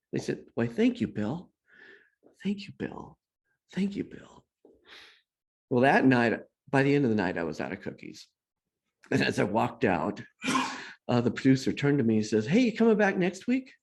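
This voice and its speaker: A middle-aged man telling a personal story as a guest speaker, self-deprecating and animated, acting out the voices of the people he quotes. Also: medium pitch, breathy edge.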